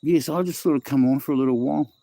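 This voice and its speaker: A middle-aged New Zealand man rambles through a casual phone livestream, restarting sentences and tossing in "bro" and "eh". His voice is mellow and relaxed, recorded dry and close with no room sound. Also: mid-range voice, rapid-fire, gravelly, no room sound. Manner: rambling, repeats himself, reads chat aloud, says bro and eh. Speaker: livestream host. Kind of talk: casual livestream chat with viewers.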